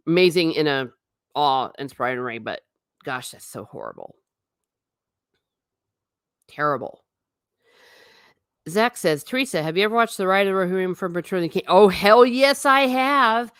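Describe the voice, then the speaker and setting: A woman, chatting casually on a stream and reading out viewer comments with a lively manner. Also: on the low side, no echo, studio quality. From Ireland. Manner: chatty, animated, breaks into silly singing. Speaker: livestream host.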